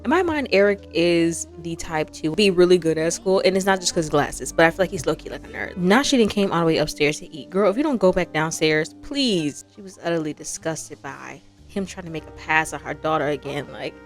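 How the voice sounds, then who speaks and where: Young woman doing a chill lets play, lowish voice, chatty, laughs a lot, faint music behind. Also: animated, brisk, hardly any pauses. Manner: chatty, laughs often, talks to the sims. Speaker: let's play host. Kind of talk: casual game commentary.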